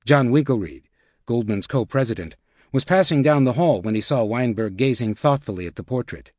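A man reading nonfiction narration as an audiobook narrator, in a measured, even way. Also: medium pitch, no echo, studio quality.

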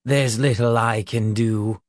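A man voicing a scornful old witch who sneers and scolds in a low, hushed voice, as part of a slowly read storybook. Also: fairly even intonation, no room sound, studio quality, natural voice.

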